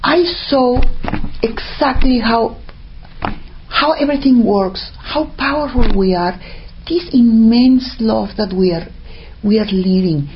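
Animated older woman telling a personal story. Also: on the high side, slow, muffled recording. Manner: animated, acts out what others said, many "I mean" fillers. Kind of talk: personal story told in casual talk.

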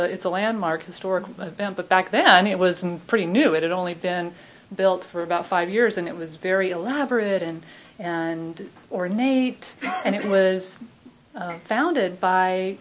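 A woman's voice: medium pitch, slight background noise, poor audio. Chatty Southern woman minister. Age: middle-aged. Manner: chatty, laughing, many restarts. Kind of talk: informal sermon talk.

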